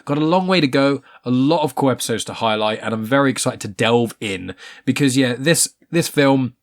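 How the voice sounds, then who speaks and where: A man hosting a casual podcast chat, opinionated and quick to swear. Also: medium pitch. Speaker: podcast host.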